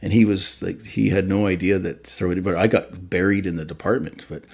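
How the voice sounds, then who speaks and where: Low-pitched and brisk, this man's slightly rough, darkish voice has vocal fry and fairly even intonation. A Canadian fire chief in his fifties, he recounts stories in a casual interview, meandering and self-correcting throughout.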